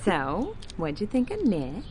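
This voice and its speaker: An actress playing a chatty, sweet young bride in a live-action drama. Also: female voice, medium pitch, wildly swooping pitch, unhurried, darkish tone. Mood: bubbly. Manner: chatty, bubbly. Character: bubbly young bride, sweet and well-meaning. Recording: noticeable background noise.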